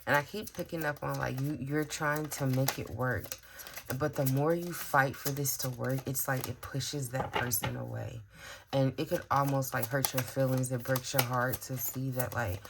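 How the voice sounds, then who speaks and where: A woman's voice: a bass voice, fairly even intonation, normal speed, gravelly, background noise. A woman giving a casual tarot reading, musing aloud with frequent fillers and sighs. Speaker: tarot reader.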